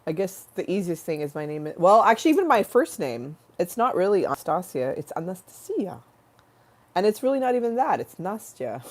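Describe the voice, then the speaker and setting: A woman from the United States hosting a casual livestream, hoarse after a flu, rambling and joking, swearing freely and drifting into tangents. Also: medium pitch, sing-song, fast talker, hardly any pauses. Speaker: livestream host.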